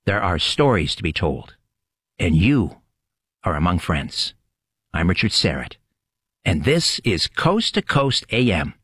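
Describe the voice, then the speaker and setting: A man hosting a late-night radio show, opening with dramatic, measured storytelling narration. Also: deep voice, sing-song, a bit bright, breathy edge, dry recording.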